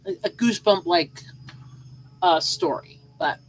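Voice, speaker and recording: A woman's voice: lowish voice, measured pace, a little hiss or hum, low-quality recording. A woman hosting a solo podcast in a casual, rambling way, full of fillers and repeated phrases, and sleepy. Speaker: podcast host.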